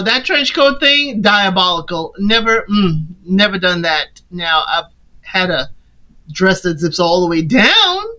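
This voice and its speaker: Animated woman giving a playful recap. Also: mid-range voice, poor audio. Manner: animated, playful, quoting characters in voices. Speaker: podcast host recapping a film. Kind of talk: casual recap commentary.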